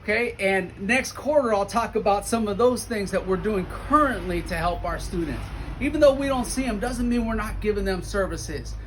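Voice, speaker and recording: High-voiced man telling school stories. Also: normal speed, a little hiss or hum. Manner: warm, animated storyteller who acts out quotes. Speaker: school principal. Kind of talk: storytelling update video to donors.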